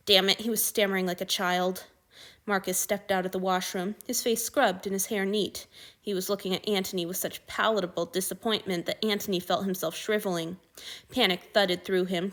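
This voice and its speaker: A woman's voice: mid-range voice, fairly even intonation, normal speed. Woman reading fan fiction aloud. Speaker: narrator.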